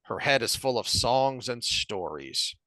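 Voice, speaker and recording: A man's voice: medium pitch, very animated, bright, forceful tone, dry recording. A man co-hosting a podcast, casually discussing a book and reading passages aloud with lots of restarts. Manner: halting, reads passages aloud, many restarts. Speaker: podcast co-host.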